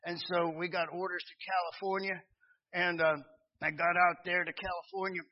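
High-voiced preacher, lo-fi sound. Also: male voice, level tone, normal speed. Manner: storytelling, swings from hushed to loud. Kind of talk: sermon with personal testimony. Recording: dull lo-fi sound.

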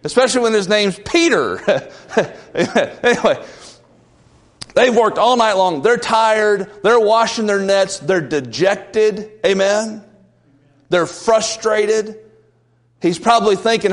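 Taking it slowly in a high voice, a male pastor delivers an emphatic sermon, putting questions to his congregation. He's in a church sanctuary, and the sound carries the long reverb of a large church.

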